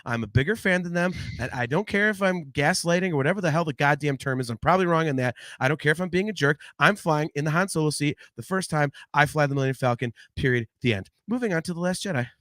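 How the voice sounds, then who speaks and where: A man hosting a casual podcast chat, animated and rambling, swearing freely into a close microphone. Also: fairly high pitch, quick pace, few pauses, no echo. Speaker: podcast host.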